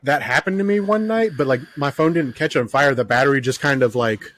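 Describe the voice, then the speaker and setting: A man's voice: mid-range voice, brisk, fairly bright tone, no room sound. Male podcast host with a mid-range voice, rambling profane anecdotes, dead-dry booth. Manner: profane, storytelling, heavy filler words. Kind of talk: casual chat.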